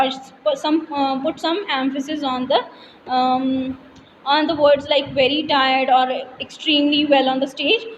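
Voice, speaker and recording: High-voiced Indian English teacher in a reverberant room. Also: female voice. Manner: explains step by step, reads example sentences aloud, frequent fillers. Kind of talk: classroom grammar lesson. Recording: reverberant room with faint noise.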